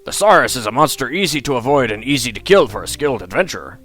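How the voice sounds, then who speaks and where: A man's voice: medium pitch, sing-song, fast talker, a bit bright. A man voicing a genial old male guildmaster, a retired adventurer who reminisces in a chatty, friendly way over faint guitar music.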